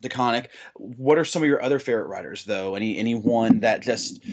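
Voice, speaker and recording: A man's voice: mid-range voice, brisk. A man hosting a casual interview, rambling and restarting his sentences. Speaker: podcast host.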